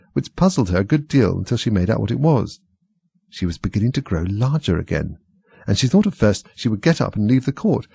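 A man reading a storybook aloud in a steady, plain way. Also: fairly low pitch, vocal fry, husky, dry recording. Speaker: audiobook reader.

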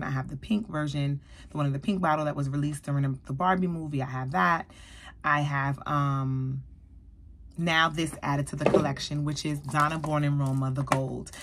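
A woman beauty vlogger, likely in her thirties, reviewing a perfume in an animated, chatty way and talking straight to her viewers. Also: deep voice, a little hiss or hum. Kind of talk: casual product review.

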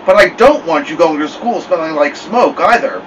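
A man's voice: on the high side, lively intonation, normal speed, fairly bright tone, distant mic, muffled recording, a little hiss or hum. A man voicing a stern mother who talks sweetly while threatening her son, in a storybook reading. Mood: coaxing. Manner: sweet-talking with menace. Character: stern fierce mother, coaxing then threatening.

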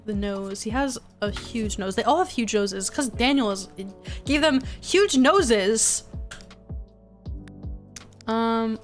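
A young woman streaming a life-sim game, chatting casually and sounding exasperated as she pleads with her characters. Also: a little high.

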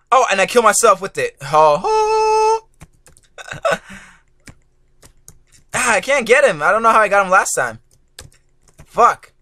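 A man doing let's play commentary as a gaming YouTuber, excitable and swearing, yelling at the game and groaning when he fails. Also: sits high, slow, pauses often, no room sound. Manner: groaning frustration at failures.

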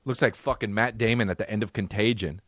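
A man's voice: on the low side, fast talker, fairly bright tone, no echo, studio quality. A man in his thirties, a comedian and podcast host, telling a rambling, profane comic story.

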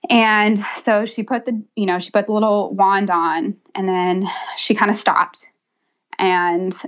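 A woman's voice: medium pitch, a little slow. Chatty young woman, lo-fi sound. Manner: chatty, laughs often, animated quoting. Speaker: podcast guest. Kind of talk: casual interview storytelling.

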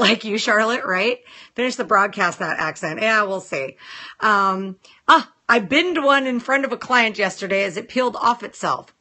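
Woman, nail tech livestream host, casual chat, blunt, exasperated, forceful bright tone. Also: medium pitch. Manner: blunt and exasperated, addresses viewers and comments directly. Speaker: nail technician hosting a live broadcast. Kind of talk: casual live-stream chat.

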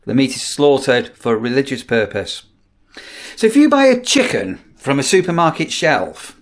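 Chatty British man rambling in a vlog. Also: on the high side. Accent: British English. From United Kingdom. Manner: chatty, asks viewers questions, repeats words when restarting. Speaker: vlogger, campsite warden.

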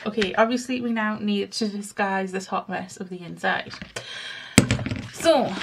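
A woman chatting casually through a crafting tutorial, thinking aloud and poking fun at herself as she works. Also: on the high side. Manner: chatty, self-mocking, thinks aloud while working. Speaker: crafting vlogger. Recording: home recording with clear background noise.

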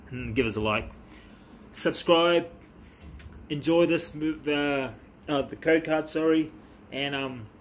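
A man talking casually as a vlogger while opening trading cards, excitable and chatty with quick bursts of delight. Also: fairly high pitch, slight background noise. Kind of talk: casual chat.

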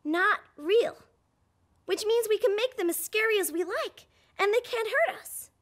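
A woman voicing a chatty, excitable little boy puppet who hosts a children's show and talks straight to the viewer. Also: extremely high pitch, measured pace, heavily acted. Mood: reassuring. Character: playful little boy puppet, pre-school vlogger.

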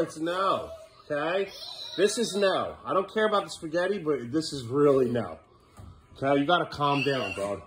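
A man's voice: a little high, lively intonation, normal speed, background noise. A man filming his kids at home for a vlog, laughing at them and scolding them in turn. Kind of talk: casual home vlog narration.

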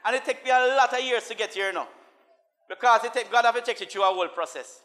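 A man preaching a sermon as a minister, mixing laughing asides with chanted, call-and-response lines and swinging from soft talk to shouts. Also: extremely high pitch, fast talker.

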